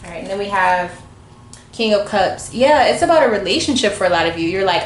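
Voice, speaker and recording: A woman gives a casual tarot reading, chatty and informal as she talks straight to her viewers. Her voice sits at a middle pitch. The room around her is echoey, with a faint hum of background noise. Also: expressive, brisk. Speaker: tarot reader.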